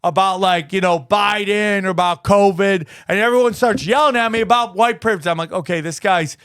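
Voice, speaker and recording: High-voiced animated male podcast host. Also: a little fast, clear, resonant tone, no echo, clean studio sound. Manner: animated, rises high and loud acting out quotes. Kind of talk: casual storytelling chat.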